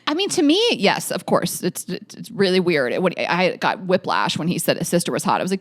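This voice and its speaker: Lively laughing woman podcast co-host. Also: fairly low pitch, brisk, hardly any pauses, no room sound, studio quality. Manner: animated, laughs often. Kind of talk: casual chat.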